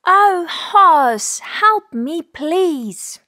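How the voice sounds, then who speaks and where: A small, frightened young rabbit pleads for help,in a very high, bright tone. The words come slowly and carefully, as in a storybook read for learners. The recording is dry and close. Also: female voice, animated, no room sound, full character voice. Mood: pleading. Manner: pleading, breathless begging. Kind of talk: audiobook reading for learners.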